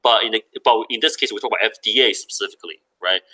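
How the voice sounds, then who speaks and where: Bright-voiced man, halting and searching. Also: lowish voice, poor audio. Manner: halting, searches for words with many fillers. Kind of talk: casual discussion.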